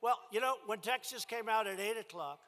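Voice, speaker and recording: An American man giving a campaign rally speech in a large room, speaking emphatically in short, repeated phrases that often rise to a shout. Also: high-pitched, animated, a little fast. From United States. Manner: emphatic, repetitive, punchy phrases, frequent shouts. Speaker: politician addressing a rally. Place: large crowded indoor room. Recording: big hall reverb, faint noise.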